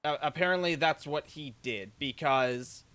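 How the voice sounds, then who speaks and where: A man's voice: a little high, unhurried, a bit bright. A man with a light Massachusetts accent, rambling through a story in casual chat as a stream co-host, full of "like" and "right?".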